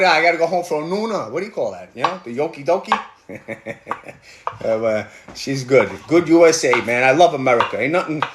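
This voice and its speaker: A man's voice: on the high side, fairly bright tone, roomy sound, slight background noise. A middle-aged man with a New York accent, ranting bluntly and rambling with profanity while cooking in his kitchen. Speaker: livestream host. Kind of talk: casual rant while cooking. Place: home kitchen.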